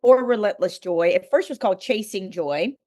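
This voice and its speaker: A woman's voice: mid-range voice, fairly quick, darkish tone. A middle-aged woman, a guest author on a podcast, telling a candid personal faith story with earnest emphasis.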